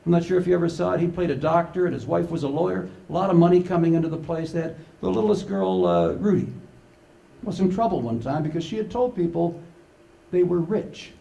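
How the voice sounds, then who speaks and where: A man's voice: high-pitched, vocal fry, mellow. An older man giving a humorous conference talk, telling playful stories and acting out the quotes. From Canada. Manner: storytelling, playful, acts out quotes. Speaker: conference speaker.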